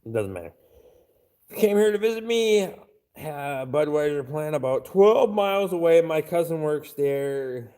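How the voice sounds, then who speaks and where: A man's voice: on the high side, lively intonation, measured pace, mellow, clean tone. A man chatting casually on a live stream, reading out chat and swearing constantly in a crude, blunt way.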